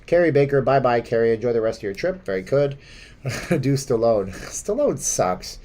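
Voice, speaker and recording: A man's voice: medium pitch, lively intonation, normal speed, warm tone. Rambling, chuckling male live-stream host. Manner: rambling and chuckling, with many fillers and restarts. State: stuffy from seasonal allergies. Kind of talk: casual live-stream chat reading viewer comments.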